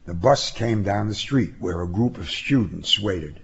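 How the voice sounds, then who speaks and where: A man narrating a story in a measured, expressive way. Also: lowish voice, breathy edge, lo-fi sound. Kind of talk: audiobook narration.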